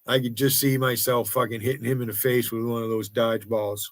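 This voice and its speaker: A man's voice: medium pitch, level tone, fairly quick, dry recording. A man in his sixties with an American accent, ranting angrily and profanely on his livestream. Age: 60s. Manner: profane and confrontational. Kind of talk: angry livestream rant.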